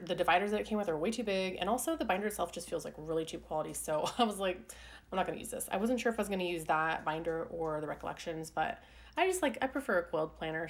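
A young woman chatting casually through a voiceover about her week, rambling with lots of fillers. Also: fairly low pitch. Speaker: planner vlogger. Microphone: desk mic voiceover.

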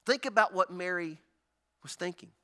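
A male pastor, preaching an animated sermon and acting out the people in the story. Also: high-pitched, moderate pace.

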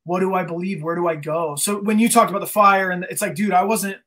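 A man's voice: high voice, fairly even intonation, quick pace, bright, forceful tone. A man guest in a casual interview, telling an emotional story earnestly, often restarting his sentences. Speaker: guest, band singer.

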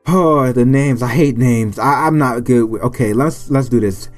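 Male gaming host, mid-pitched, reads story-game text aloud with playful side comments; faint background music. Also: normal speed. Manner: playful, stumbles over names and jokes between lines. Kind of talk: reading a visual novel aloud with commentary.

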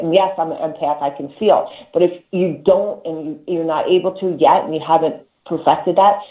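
A talk show host giving casual spiritual advice, emphatic and profane, repeating words and laughing between points. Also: mid-range voice. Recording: echoey, tinny phone-like line.

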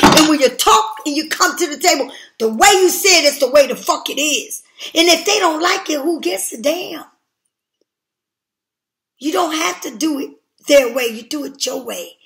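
A woman's voice: high-pitched, animated, moderate pace, fairly bright tone. An older woman giving a tarot reading in a blunt, profane, emphatic way. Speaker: tarot reader. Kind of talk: casual tarot reading monologue.

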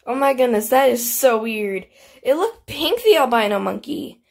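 A woman's voice: a little high, lively intonation, normal speed, gravelly. A bubbly, giggly woman chatting through casual gameplay commentary as the host, her voice fading now and then. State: voice keeps fading. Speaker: YouTuber host.

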